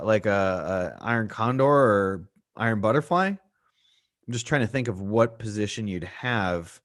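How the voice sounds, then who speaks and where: A middle-aged man hosting a live trading stream, talking casually, answering viewers' questions and repeating key points for emphasis. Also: lowish voice. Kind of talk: live market analysis stream.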